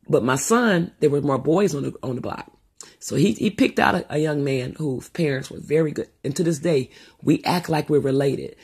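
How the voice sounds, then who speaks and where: A woman's voice: low voice, normal speed, breathy edge. A middle-aged woman telling family stories in a rambling, profane, casual monologue. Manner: rambling and profane, with animated asides. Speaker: storyteller.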